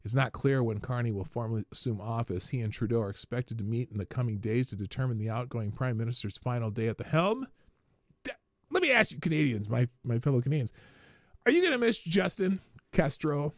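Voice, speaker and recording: A man's voice: medium pitch, big pitch swings, brisk, no room sound, clean studio sound. A man with a Minnesota accent hosting a livestream, reading news aloud with sarcastic asides. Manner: sarcastic, laughs at own jokes. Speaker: livestream host.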